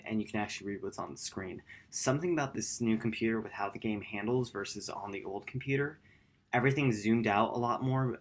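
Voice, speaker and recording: A man hosting a gaming channel talks over his upload plans in a late-night vlog, rambling and correcting himself. His manner is quiet and low-key.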